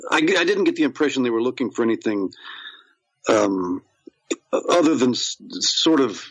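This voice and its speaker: A man's voice: mid-range voice, expressive, moderate pace, breathy edge, no room sound, rough recording. A man, an actor, chatting as a podcast guest, rambling with many fillers and restarts. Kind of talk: casual interview chat.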